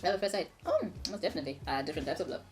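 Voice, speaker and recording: A woman's voice: fairly low pitch, expressive, racing, faint music behind. A young woman co-hosting a casual chat over a meal, frank and playful, laughing often. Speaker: co-host.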